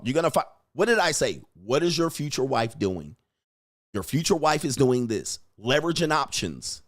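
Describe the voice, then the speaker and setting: A man ranting casually on a livestream, animated and emphatic, laughing and repeating himself for emphasis. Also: fairly high pitch. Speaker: dating commentary streamer.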